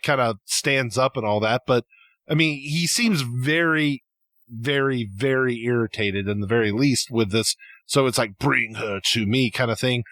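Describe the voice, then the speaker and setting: A man co-hosting a podcast in casual conversation, working through a theory with halting phrases and frequent restarts. His voice sits at an ordinary middle pitch. The recording is dry and close. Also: fairly bright tone, dry recording. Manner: halting, many restarts, speaks in tangents. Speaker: podcast co-host. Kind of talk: casual fan speculation chat.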